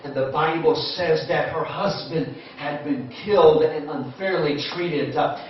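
A man's voice: fairly high pitch, measured pace, slight background noise. A man preaching a sermon, retelling Bible stories with impassioned exhortation. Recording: echoey hall, distant muffled mic.

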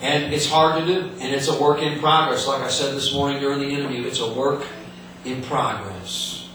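Heard from some distance in an echoey hall, a man preaches earnestly in a mid-range, bright, forceful voice at a steady tone and normal speed. He often repeats words and restarts, with slight background noise present.

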